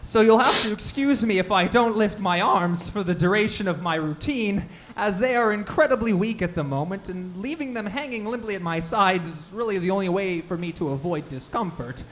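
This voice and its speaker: A man voicing a smug male chaos spirit doing a failing stand-up act, with hammy drawn-out punchlines, in a live script reading. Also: high voice, animated, a bit bright, pitched above the performer's own voice. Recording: noisy home recording.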